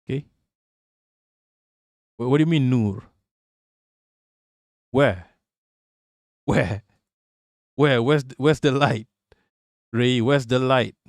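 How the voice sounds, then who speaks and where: A man hosting a live stream in loose, casual chat, joking crudely and calling out viewers by name. His voice sits at an ordinary middle pitch. It sounds dry and close, with no room echo. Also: slow pace, long pauses, a little mellow.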